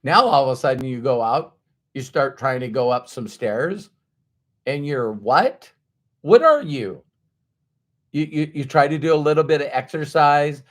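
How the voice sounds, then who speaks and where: A man giving a motivational talk to an audience, acting out everyday inner voices in an animated way. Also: mid-range voice, normal speed. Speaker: motivational speaker.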